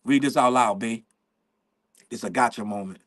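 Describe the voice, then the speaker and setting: A man putting on the voice of a boastful, smug male rapper, speaking low and gruff in a mocking tone. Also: normal speed, a bit bright, dry recording, clean studio sound, natural voice.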